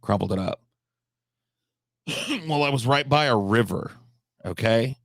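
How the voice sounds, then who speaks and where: A man hosting a live stream, telling rambling, absurd comic stories with deadpan delivery and profane asides. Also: medium pitch, a little slow, dry recording, clean studio sound. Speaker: livestream host.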